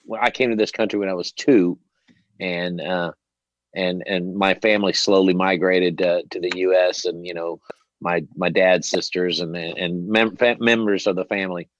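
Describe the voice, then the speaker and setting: A man hosting an interview, telling a long story in a rambling, animated way and swearing freely. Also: deep voice, moderate pace, no room sound. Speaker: host. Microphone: headset. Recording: dull lo-fi dry sound.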